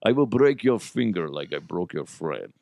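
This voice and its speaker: A man's voice: low voice, big pitch swings, normal speed, vocal fry, dark tone, slight background noise, pitched below the performer's own voice, heavily acted. A man putting on a threatening Russian robot. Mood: menacing. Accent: mock Russian. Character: menacing male Russian chess robot.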